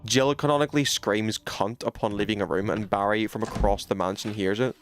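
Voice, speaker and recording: A British man giving casual gameplay commentary on a livestream, chatty and swearing freely with sudden excited outbursts. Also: lowish voice, a little fast, a little hiss or hum.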